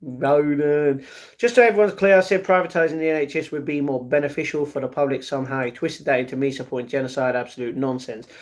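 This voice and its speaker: A man's voice: a little high, fairly even intonation, fast. A man hosting a casual livestream, reading viewers' chat messages aloud and answering each one directly from home. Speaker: livestream host.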